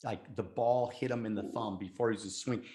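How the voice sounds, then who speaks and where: A man's voice: lowish voice, steady tone, brisk, mellow. A man in his forties hosting an interview, sharing a story in a rambling, frank and self-deprecating way, with many repeated words. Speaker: podcast host. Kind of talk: conversational interview.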